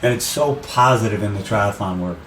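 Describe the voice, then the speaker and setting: A middle-aged man, a race announcer, chatting casually in an interview outdoors by the sea and acting out quotes with lively jumps in pitch. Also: moderate pace. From USA. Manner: animated, acts out quotes with rising pitch. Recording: roomy and distant with faint noise.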